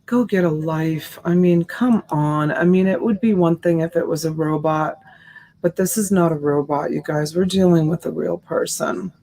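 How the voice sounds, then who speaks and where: A woman's voice: sits low, moderate pace, warm tone. A woman hosting a live selling stream, chatting casually and answering viewer comments by name in a sympathetic way. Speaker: live-stream seller and host.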